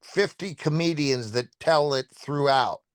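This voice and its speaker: A man co-hosting a podcast who talks haltingly, stammering and restarting, with casual profanity. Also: a little high, clean tone, no room sound. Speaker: podcast co-host. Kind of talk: casual chat.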